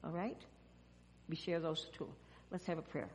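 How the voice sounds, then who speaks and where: A woman pastor talks gently to children in a church sanctuary, often stopping to ask them questions. Her voice sits a little low. The sound carries a long, lingering church reverb. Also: flat delivery, normal speed, a little hiss or hum. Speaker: pastor giving a children's message. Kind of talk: children's sermon.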